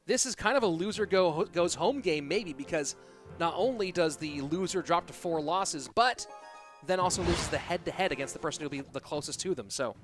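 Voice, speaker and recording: A somewhat high-voiced man casting a live esports match, casual and chatty as he replies to viewers between plays. Music runs clearly under his voice. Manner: chatty, reads and answers chat while casting. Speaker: esports caster. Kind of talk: live game commentary.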